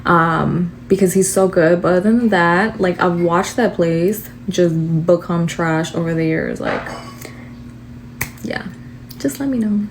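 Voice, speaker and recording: A woman's voice: fairly low pitch, a little slow, slight background noise. A young woman tells a storytime to the camera in an exasperated rant, with lots of swearing and fillers.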